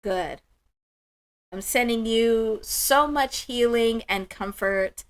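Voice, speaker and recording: Slow, gentle woman hosting a spiritual livestream. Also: on the high side. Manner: warm, emotional, affirming, slow and soft-spoken. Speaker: livestream host. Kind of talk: spiritual livestream chat, answering viewers.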